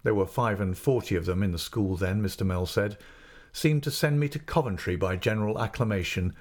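A man narrating a classic novel in a measured, expressive reading voice. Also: on the low side.

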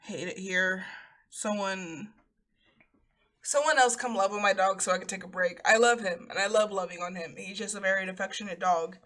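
A woman's voice: medium pitch, moderate pace. A woman in casual chat, swearing freely and laughing often as she tells stories. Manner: laughing, profane, animated storytelling.

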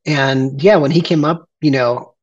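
A man in his forties presenting a photography project in an earnest, emotional way, with halting fillers. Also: on the high side, breathy edge, lo-fi sound. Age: 40s. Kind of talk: conversational presentation.

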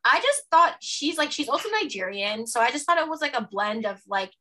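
Bright-voiced Canadian woman co-host. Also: sits high, sing-song, fairly quick. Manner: chatty, full of "like" fillers. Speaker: podcast co-host. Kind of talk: casual chat.

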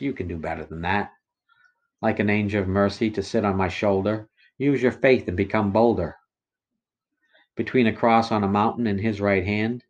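Low-voiced man reciting rhyming verse. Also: darkish tone. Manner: slow, measured, rhythmic delivery. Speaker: poet reciting testimony. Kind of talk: reciting rhyming religious poems. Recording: dull lo-fi recording.

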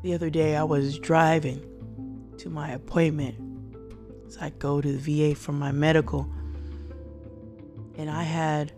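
Earnest low-voiced woman preaching encouragement. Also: level tone, unhurried, long pauses, music in the background. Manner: earnest preaching, repeats phrases for emphasis. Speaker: podcast host. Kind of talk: motivational devotional talk.

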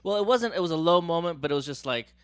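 An enthusiastic co-host chats casually about a TV episode and keeps chiming in with agreement. The voice sits mid-pitch and the sound is dry and close. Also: expressive, fast, no echo. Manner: enthusiastic, frequent agreeing interjections. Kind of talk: casual chat recapping a TV episode.

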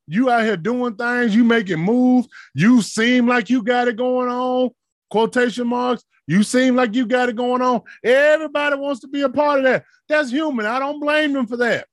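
A man preaching a sermon in a passionate, rhythmic style, building to shouted peaks and dropping to soft asides. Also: extremely high pitch, moderate pace, no room sound.

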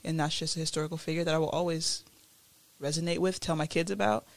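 A woman co-hosting a casual podcast chat, earnest and storytelling with quick laughs. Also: sits low, fairly even intonation, vocal fry, dry recording. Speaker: podcast co-host.

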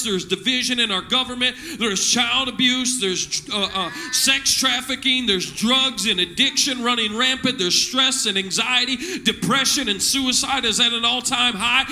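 A male pastor preaching a sermon in church, using call-and-response and rising to shouts. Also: extremely high pitch.

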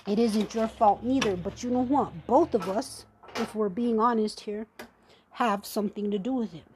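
A woman's voice: mid-range voice, normal speed, noisy background. A woman hosting a podcast, ranting angrily and profanely in a confrontational personal monologue. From Native American. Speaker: podcast host.

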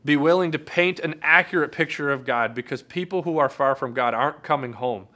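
Guy giving a sermon, kinda high and sharp sounding, earnest, keeps asking right?. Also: brisk, hardly any pauses. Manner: earnest storytelling, asks "right?". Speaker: pastor.

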